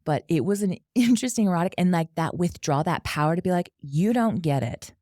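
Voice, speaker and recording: A woman's voice: fairly low pitch, animated, brisk, mellow, no room sound, studio quality. A young adult woman casually telling a candid, profane story, laughing as she goes. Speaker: podcast guest.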